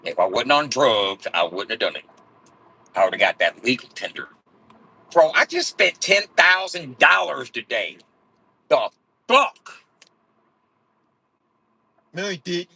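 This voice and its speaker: A man's voice: medium pitch, very animated, slow pace, creaky, pauses often, pushed and bright, slightly rough, low-quality recording. A man in his forties telling rambling, profane stories in a blunt way. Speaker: vlogger.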